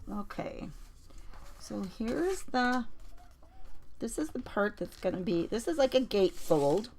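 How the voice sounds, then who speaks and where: A woman's voice: mid-range voice, animated, slow, darkish tone, slight background noise. A woman chatting on a craft livestream as she works, telling stories and greeting viewers by name. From Colorado. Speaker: junk journal crafter on a livestream. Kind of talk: casual craft livestream chat.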